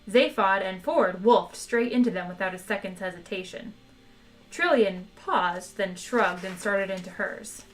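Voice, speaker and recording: A woman's voice: medium pitch, a bit bright, poor audio. A woman reading a novel aloud on a live stream, narrating expressively and chatting with viewers between passages. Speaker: book reader on a live stream. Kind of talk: expressive read-aloud with character voices.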